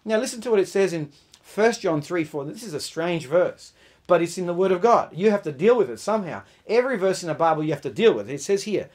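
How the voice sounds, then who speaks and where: A man's voice: high voice, expressive, a little fast. A man preaching a sermon, emphatic, often restarting words and putting questions to his listeners.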